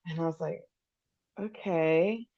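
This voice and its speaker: A woman co-host calmly recounting a healing session in a matter-of-fact way. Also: low voice, slow. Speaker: podcast co-host, shamanic practitioner. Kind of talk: casual storytelling chat. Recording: dull lo-fi sound.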